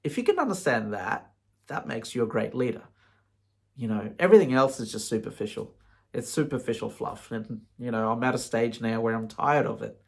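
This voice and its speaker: A man's voice: mid-range voice, expressive, a little fast, gravelly, slightly rough. Man, casual vlog monologue: frank, rambling, conversational, with a mid-range voice. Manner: frank, rambling, peppered with "you know". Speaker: vlogger.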